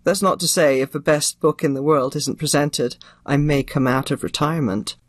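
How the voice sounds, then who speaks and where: An older woman who narrates audiobooks answers an interviewer's questions. She speaks with crisp, theatrical phrasing. The recording is dry, with no room sound. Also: low-pitched, steady tone, moderate pace, dry recording.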